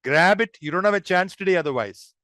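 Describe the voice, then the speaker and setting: Guy coaching public speaking online, high voice, swings all over, dry sound. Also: fairly quick, no echo. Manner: animated, demonstrative, addresses group as friends. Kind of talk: interactive online workshop.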